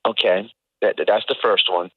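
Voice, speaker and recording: A man's voice: lowish voice, steady tone, slightly rough. Hesitant man on a phone line. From southern Louisiana. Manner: halting, hesitant, restarts often. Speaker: caller. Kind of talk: phone call to an advice show.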